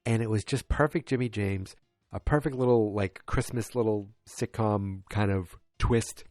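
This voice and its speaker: A man's voice: lowish voice, normal speed, a little mellow, dry recording, clean studio sound, soft background music. Tired, rambling man recapping a sitcom. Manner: rambling, many fillers and restarts; acts out quoted lines in a raised voice. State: tired, yawning. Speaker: podcast host. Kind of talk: casual episode recap.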